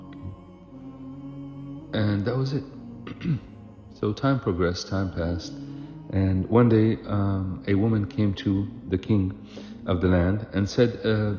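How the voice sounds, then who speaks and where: Low-voiced man preaching in an echoey hall. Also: takes it slowly, pauses often. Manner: conversational, with fillers and restarts. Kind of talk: sermon storytelling. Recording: echoey hall, dull lo-fi, music.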